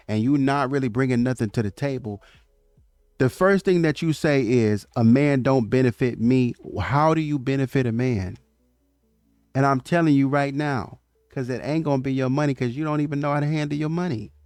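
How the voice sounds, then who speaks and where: A man's voice: medium pitch, brisk, a little mellow, smooth, no echo, soft background music. A man giving an opinionated commentary monologue on relationships, lecturing emphatically and often stammering through restarts.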